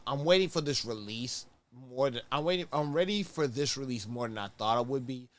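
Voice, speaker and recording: A man's voice: mid-range voice, fairly bright tone, smooth. A man hosting a casual sneaker review show, talking in a laid-back, rambling way, often correcting himself and sounding tired. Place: at home on camera, moving around.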